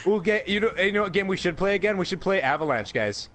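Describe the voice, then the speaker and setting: A man chatting casually with friends while playing a game, loud and full of swearing. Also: sits high, expressive, fast talker. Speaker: gamer. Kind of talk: casual gaming chat with friends.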